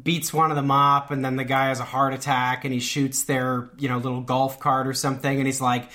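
A man's voice: medium pitch, level tone, a little fast, pushed and bright. A man co-hosting a casual film discussion, retelling scenes with wry incredulity. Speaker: podcast co-host.

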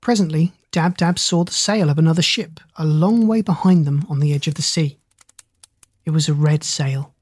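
Husky, measured storybook narrator. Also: medium pitch, darkish tone, no echo. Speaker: audiobook narrator.

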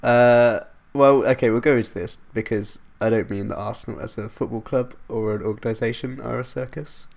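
A man's voice: mid-range voice, steady tone, a little fast, gravelly, hardly any pauses, a little mellow. A young man hosting a football podcast in casual chat, rambling and stopping to correct himself. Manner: rambling, self-interrupting, laughs at himself. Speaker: podcast host.

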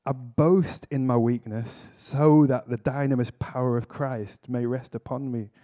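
A man's voice: mid-range voice, steady tone, a little slow, dark tone. A man giving a conference sermon, telling a story earnestly with self-mocking humour. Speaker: speaker at a church conference. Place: conference hall talk.

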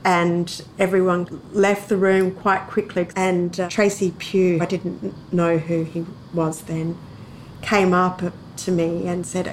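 A woman's voice: lowish voice, a little slow. Woman recalling a story, chatty and laughing, slight noise underneath. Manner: laughs often, chatty and animated. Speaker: interviewee telling a memory. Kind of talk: casual storytelling.

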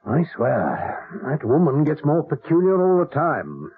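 A blustering house master, very raspy, pitch leaping about; dry lo-fi radio. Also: male voice, wildly swooping pitch, measured pace, no room sound, heavily acted. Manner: blustering, commanding. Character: pompous bossy master of the house. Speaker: Rodney. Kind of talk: 1970s radio drama acting. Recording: dry, tinny old radio broadcast.

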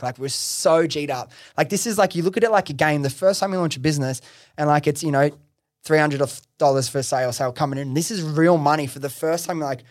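A man's voice: fairly high pitch, fast talker, no echo. Slangy young man telling his story, dry mic. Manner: lively, slangy retelling with frequent swearing and fillers. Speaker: podcast host interviewed as guest, business founder. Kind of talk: casual interview storytelling.

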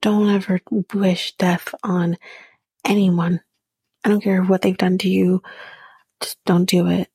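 A woman's voice: lowish voice, flat delivery, takes it slowly, long pauses, warm tone, husky, dry recording. A woman podcast host giving a blunt, profane, opinionated recap of a reality show in casual chat, often dropping to a half-whisper.

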